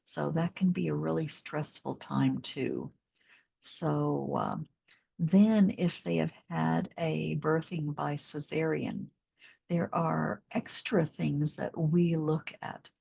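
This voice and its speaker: A woman working as a postpartum doula and instructor, talking in a gentle, reflective way in a conversational interview, with many fillers. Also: sits low, steady tone, takes it slowly, vocal fry, breathy edge, lo-fi sound.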